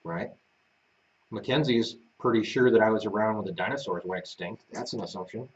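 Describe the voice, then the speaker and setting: A man's voice: lowish voice, fairly quick. A man co-hosting a casual live stream from a home studio, teasing and self-deprecating as he chats. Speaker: co-host of a ranch live stream. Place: seated on a small love seat in a home studio. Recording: dull, distant mic.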